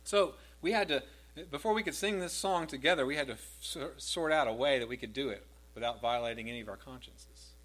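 A middle-aged male pastor preaches a sermon at a medium pitch, brisk and with few pauses. He speaks with emphasis, his voice swelling louder and higher on repeated scripture lines before dropping back down.

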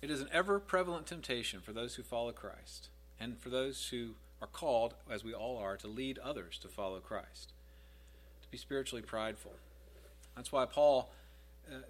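A man's voice: medium pitch, fairly bright tone. A man preaching a sermon in a conversational way, asking his listeners questions and dropping his voice when he quotes scripture.

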